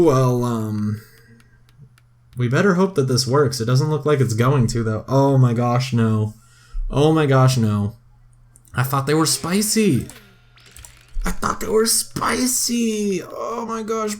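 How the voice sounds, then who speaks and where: A young man giving casual, chatty commentary on a game he is playing, excitable and often crying out in dismay. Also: mid-range voice. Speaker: gaming video host.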